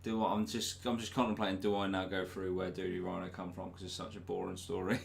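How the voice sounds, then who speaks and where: A young man, a YouTube host answering viewer questions in casual, sweary chat and mimicking people loudly. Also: sits low, monotone, fast talker, gravelly, a little hiss or hum. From England.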